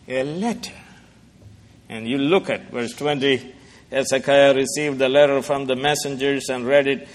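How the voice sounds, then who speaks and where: A man preaching a sermon in a church, impassioned, swinging from hushed asides to soaring lines and asking the congregation questions. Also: mid-range voice, fairly even intonation, unhurried, big-room sound. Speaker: pastor.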